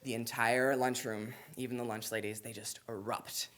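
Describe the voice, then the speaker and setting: A live storyteller on stage at a school event, telling it with vivid drama. The voice swings from building excitement to a quiet hush, and its pitch sits in the middle. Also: normal speed, very noisy. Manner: vivid, dramatic, building suspense then hushed.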